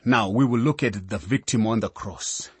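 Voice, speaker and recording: A man preaching a sermon in a solemn, deliberate way, reading out scripture references. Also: lowish voice, slightly rough, no echo.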